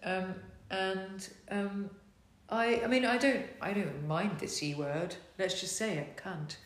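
A woman's voice: mid-range voice, slow pace. A middle-aged woman with a posh English accent, chatting frankly and laughing easily as a podcast co-host. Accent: posh southern English. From Netherlands. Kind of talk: casual chat. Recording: echoey room.

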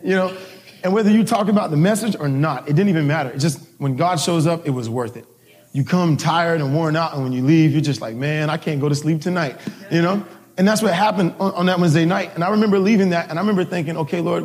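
A man's voice: on the high side, darkish tone. A male pastor telling a personal story in a sermon, casual and laughing, with many restarts. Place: church service.

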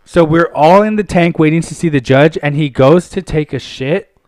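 A young man from Pasadena, California, telling profane stories in a casual, animated way as a guest. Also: a little high, normal speed, dry recording. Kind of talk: casual storytelling.

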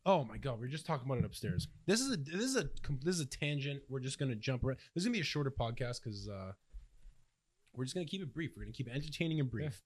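A man's voice: mid-range voice, sing-song, very fast. A young man from Canada co-hosting a casual podcast, ranting with lots of swearing and mock voices. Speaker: podcast co-host. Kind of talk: casual chat.

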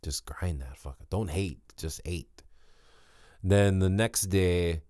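A man's voice: low voice, slow, dark tone, no room sound, studio quality. A young man hosting a podcast, rambling and joking with lots of swearing, tired and giddy. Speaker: podcast host. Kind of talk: casual solo podcast chat.

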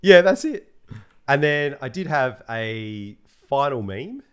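A man's voice: medium pitch, takes it slowly, clean tone. Laughing man, slangy banter. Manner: laughs often, animated and slangy. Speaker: podcast co-host. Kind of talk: casual chat.

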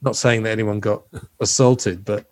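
A man's voice: lowish voice, fairly even intonation, normal speed, no room sound, clean studio sound. A man hosting a casual film discussion, talking loosely with many fillers and restarts. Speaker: podcast host.

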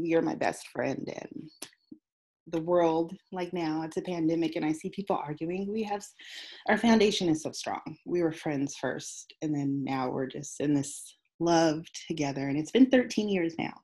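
Woman guest, low husky voice, candid and heartfelt interview storyteller. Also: moderate pace, a little mellow. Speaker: guest author.

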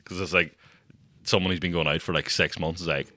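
A man with a Northern Irish accent, telling stories in a dry, low-key way as a podcast co-host. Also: steady tone, fairly quick, no room sound. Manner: dry, low-key storyteller, trails off quietly. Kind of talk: casual chat.

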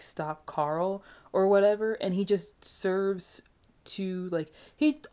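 A woman giving a casual, animated movie review, chatty and emphatic with frequent asides. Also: medium pitch.

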